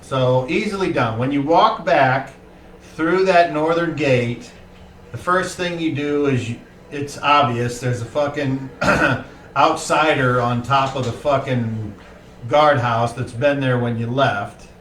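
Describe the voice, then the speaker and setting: A man's voice: mid-range voice, slow pace, fairly bright tone, slight background noise. A man running a tabletop game as game master, talking casually with swearing and frequent fillers. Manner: casual, profane, rambling with fillers. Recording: roomy distant mic, faint ambience.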